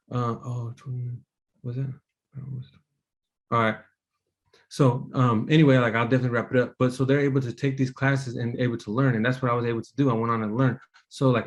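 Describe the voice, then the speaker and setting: A man's voice: medium pitch, darkish tone, highs cut off. A man telling his personal story to a meeting audience in a casual, rambling way, full of fillers and restarts, earnest and emotional. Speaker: apprentice speaker at a business meeting.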